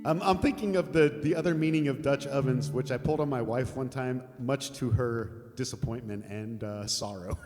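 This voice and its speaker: A man's voice: medium pitch, moderate pace, few pauses. An older American man chatting casually with viewers on a live music stream, rambling and laughing, with some swearing. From United States. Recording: long reverb, guitar music behind.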